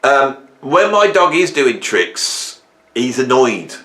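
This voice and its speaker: A man in his fifties hosting a casual monologue, rambling and humorous as he tells animated stories. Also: medium pitch, takes it slowly. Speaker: host. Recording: roomy echo.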